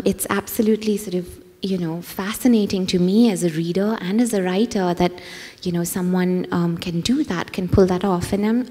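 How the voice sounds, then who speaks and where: A woman's voice: mid-range voice, dark tone. A woman writer interviewing a novelist on stage at a literary festival, with many ums and restarts. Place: concert hall on stage. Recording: long hall reverb.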